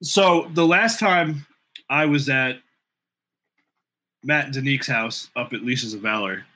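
A man's voice: medium pitch, a little slow, pushed and bright. A man co-hosting a podcast in casual chat, joking and laughing often.

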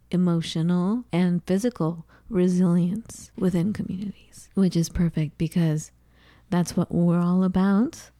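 Low, mellow-voiced woman hosting a chatty show. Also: no room sound, clean studio sound. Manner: chatty, gushing and playful. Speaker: co-host of a talk show. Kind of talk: casual chat. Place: home kitchen.

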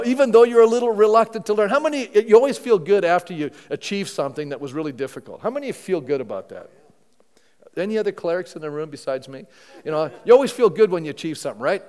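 A man's voice: fairly high pitch, darkish tone. A male pastor preaching a sermon to a congregation in a church, talking conversationally and often asking the room rhetorical questions. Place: church sanctuary before a congregation. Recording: long reverb of a large hall.

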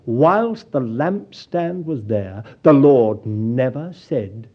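Husky preacher, dull old tape. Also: male voice, mid-range voice, expressive, very slow. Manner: earnest, pastoral, addresses listeners as dear child of God. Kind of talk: sermon.

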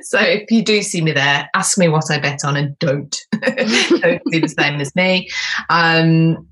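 A woman's voice: low-pitched, measured pace, fairly bright tone. A woman co-hosting a podcast, chatting casually and laughing often. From United Kingdom. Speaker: podcast co-host and history tour guide. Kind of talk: casual conversational chat.

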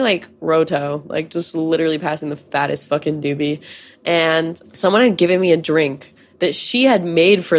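A woman in her twenties telling candid, profane stories as a podcast host in casual chat. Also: lowish voice. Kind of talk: casual storytelling.

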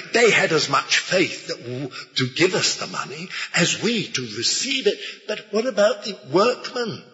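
An older man telling a testimony story in a sermon, slow and hesitant with restarts. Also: fairly high pitch, sharp tone. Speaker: preacher giving a testimony. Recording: echoey hall, dull lo-fi.

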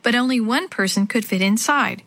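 A woman voicing a young girl who plans calmly and takes charge. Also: a little high, moderate pace, dry recording. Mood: steady. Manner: level and decisive. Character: young girl, practical and steady leader.

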